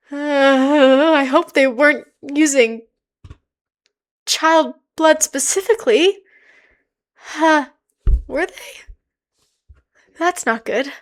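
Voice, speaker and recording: A high-pitched woman streams a story game, reading it aloud and reacting with excitement, frequently gasping and laughing at what's on screen. The recording is rough.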